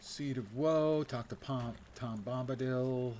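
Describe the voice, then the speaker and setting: A man's voice: mid-range voice, brisk, a little hiss or hum. An older man streaming a game, giving casual, wry, self-mocking commentary and reading quest text aloud.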